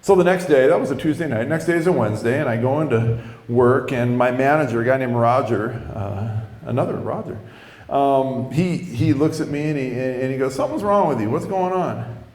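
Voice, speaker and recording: A man who is a pastor tells his conversion story in a sermon, with lively storytelling and self-mocking humor. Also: medium pitch, moderate pace. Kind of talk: sermon testimony. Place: church. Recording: echoey hall.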